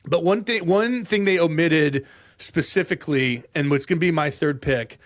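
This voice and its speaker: A man with a somewhat high voice co-hosts a casual sports podcast. He tells the story with animated, jokey flair and laughs often as he talks. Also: normal speed. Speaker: podcast co-host. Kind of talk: casual golf history chat.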